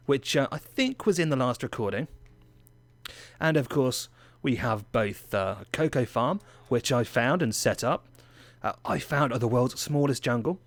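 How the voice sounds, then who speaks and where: A man's voice: mid-range voice, no echo. Playful English man narrating gameplay. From England. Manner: chatty, playful, self-mocking. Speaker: gaming channel host. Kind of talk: gameplay commentary.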